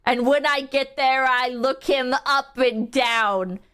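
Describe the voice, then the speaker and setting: A woman reading her moves aloud in a text adventure game, deadpan and deliberate. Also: high voice, clean tone.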